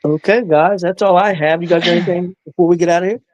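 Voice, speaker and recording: High-voiced stammering male podcast co-host. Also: steady tone, fast talker, a little mellow. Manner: stammering, hesitant. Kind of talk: casual sports podcast banter.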